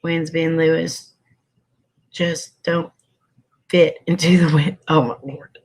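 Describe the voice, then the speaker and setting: A man's voice: on the high side, little pitch movement, takes it slowly, breathy edge. A man hosting a casual livestream. He chats with viewers, greets them by name and sniffles now and then. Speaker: livestream host.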